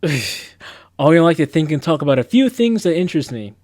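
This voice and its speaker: A man's voice: on the high side, very animated, brisk, darkish tone, no room sound, studio quality. A young man on a live stream, chatting casually and rambling in a laid-back, slangy, self-mocking way as he reads quiz questions aloud.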